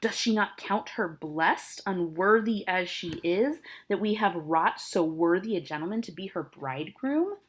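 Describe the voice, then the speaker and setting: A woman's voice: lowish voice, animated, a little slow, hardly any pauses, husky. A woman reading as a blustering, furious old father. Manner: loud, scolding, insulting. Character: blustering, angry older father, a nobleman. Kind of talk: dramatic reading of a play.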